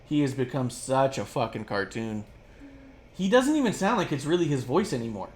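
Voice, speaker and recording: A podcast co-host in casual chat, rambling and swearing freely, with plenty of fillers and quick mocking asides. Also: mid-range voice, sing-song. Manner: rambling, profane, filler-heavy; drops into quick mocking impressions.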